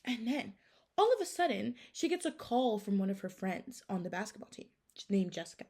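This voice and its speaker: Casting: casual woman storyteller, mid-range voice, very lively pitch, chatty with lots of filler. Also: fairly quick. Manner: chatty, heavy use of "like" and "okay?".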